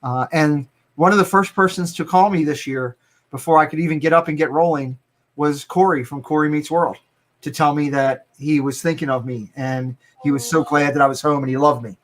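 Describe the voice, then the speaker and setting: A man's voice: fairly high pitch, fairly quick. Earnest man with a Baltimore accent. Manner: earnest, heartfelt, repeats words. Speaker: guest. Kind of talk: casual chat on a live stream.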